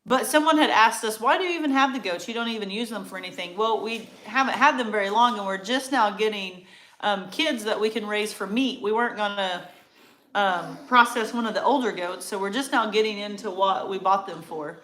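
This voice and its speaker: A woman's voice: mid-range voice, brisk, fairly bright tone. A woman co-hosting a casual farm livestream, chatting and reading viewer comments aloud. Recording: echoey room with faint noise.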